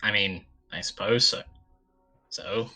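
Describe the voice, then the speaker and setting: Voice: low-pitched, fairly even intonation, pushed and bright, faint music behind, exaggerated voice. A player doing an easygoing male adventurer. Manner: casual, halting speech.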